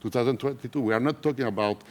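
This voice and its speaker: A man who speaks natively, talking in an emotional conference interview, earnest and halting, often repeating himself. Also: mid-range voice, darkish tone. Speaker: interviewee, whistleblower. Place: conference stage.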